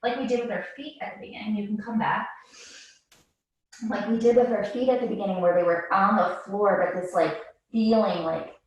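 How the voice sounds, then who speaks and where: Woman yoga teacher, calm breath cues, slightly winded, very echoey room, distant mic. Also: mid-range voice, fairly quick. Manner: calm, cueing breath and movement. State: a little out of breath. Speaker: yoga instructor. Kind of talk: guided yoga class instruction.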